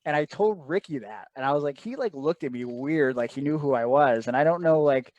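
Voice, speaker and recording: A man's voice: fairly high pitch, animated, a little fast, a little mellow, highs cut off. A man telling a personal story as an interview guest, earnest and emotional, often quoting others in asides.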